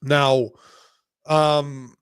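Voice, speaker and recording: A man's voice: on the high side, little pitch movement, drawn-out words, clean tone, dry recording, studio quality. A young man co-hosting a casual political chat show, talking bluntly, cursing often and rambling while he addresses the live chat. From Canada. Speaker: podcast co-host.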